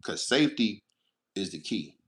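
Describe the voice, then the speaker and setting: A man's voice: lowish voice, very animated, normal speed, a bit bright. Blunt, foul-mouthed trucker man. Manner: blunt, heavily profane storytelling. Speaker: truck driver. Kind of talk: casual straight-to-camera talk.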